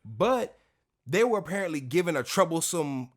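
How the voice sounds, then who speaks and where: A man co-hosting a casual podcast chat, telling stories in an animated, slangy way with plenty of cursing. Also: a little high, moderate pace. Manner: profane, animated, slangy storytelling. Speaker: podcast co-host.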